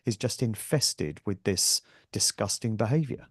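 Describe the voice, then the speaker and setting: A man with a very low, deep voice, recorded with a dry, close sound. He talks at length as a guest, emphatic and scornful in his opinions. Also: animated, measured pace, husky, no room sound. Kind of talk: casual chat.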